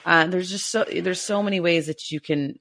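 A woman co-hosting a casual podcast, talking in an emotional, halting way as she gets teary. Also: on the low side, gravelly, a bit bright. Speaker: podcast co-host.

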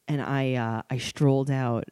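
Low-voiced woman cracking blunt jokes. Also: fairly even intonation, measured pace, mellow, clean tone, no echo, studio quality. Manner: blunt, joking, profane. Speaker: podcast co-host. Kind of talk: casual chat about reality TV.

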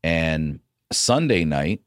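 A man, a comedian guest on a podcast, telling a story in a casual, profane, animated way. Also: rumbling low, drawn-out words, no room sound, studio quality.

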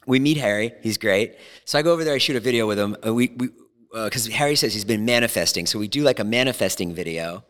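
A man's voice: lowish voice, fast. Forty-something male podcast host, reverby studio. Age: 40s. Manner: animated storyteller, self-deprecating. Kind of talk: casual chat.

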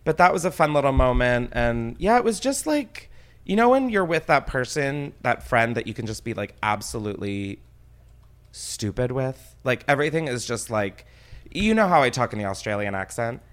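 A male podcast host with a lively, swooping voice who rambles through comic stories. He mocks himself and swears freely, and he jumps into high excited tones when a story peaks. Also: moderate pace. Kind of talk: casual comedic storytelling.

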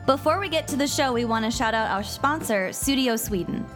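A woman's voice: on the high side, expressive, brisk, music in the background. A young adult woman co-hosting a podcast in casual chat, upbeat and laughing along. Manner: upbeat, reads ads brightly, laughs along. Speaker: podcast co-host.

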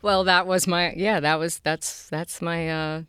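A middle-aged actress from Queens with a New York accent, chatting in an interview with frequent laughs and halting restarts. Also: on the low side, fairly even intonation, fairly bright tone, clear, resonant tone, no room sound, studio quality. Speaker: actress guest. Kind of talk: casual interview chat.

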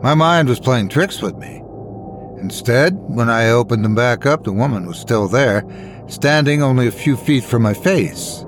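Expressive male horror-story narrator. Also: mid-range voice, music in the background. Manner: measured, dramatic reading.

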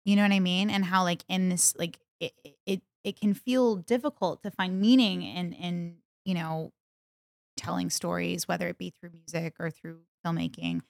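Woman, podcast co-host, gravelly fry, dry close sound, rambling and self-mocking. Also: lowish voice, fairly even intonation, darkish tone, no echo. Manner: rambling, self-deprecating, quick to laugh. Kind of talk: casual podcast chat.

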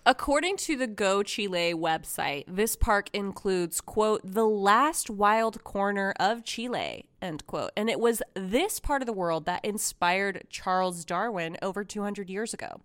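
A woman co-hosts a casual podcast in a Californian accent, her voice nasal and congested from a sinus infection. She chats loosely and swears freely. Her tone stays smooth and clean. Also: mid-range voice, lively intonation, unhurried, hardly any pauses, a bit bright, no room sound, clean studio sound. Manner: chatty, swears, giggles often. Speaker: podcast co-host. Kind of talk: casual chat.

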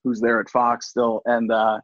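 A male comedian chatting in an interview, animated and slipping in and out of voices. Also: mid-range voice, unhurried, no room sound. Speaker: comedian guest. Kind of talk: casual interview chat. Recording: dull lo-fi dry sound.

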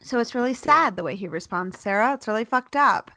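A woman's voice: on the high side, animated, fairly quick, pushed and bright, dry recording. A woman in her thirties, a podcast co-host, chatting frankly and swearing freely. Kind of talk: casual chat.

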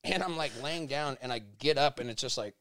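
Animated and a little fast, a man with a mid-range voice swears constantly while acting out quotes from a wild story he's sharing as a podcast guest. The casual storytelling interview is captured in clean studio sound with no room sound at all.

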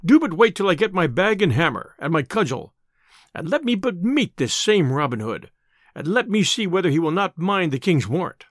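In a storybook reading, a storyteller voices a boastful, hot-tempered tinker who bellows archaic threats and jests in a blustering, sing-song way at a normal speed. His loud, old-fashioned speech swings widely between low grumbles and sudden loud bursts, captured in a close, dry recording.

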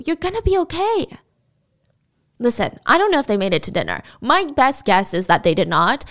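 Woman, true-crime storyteller, casual, dramatic, occasional whispers, higher voice.

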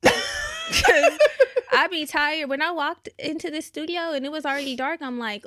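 A woman's voice: high-pitched, lively intonation, normal speed, background noise. A young woman co-hosting a casual podcast chat, reacting with teasing questions and dry asides. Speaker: podcast co-host.

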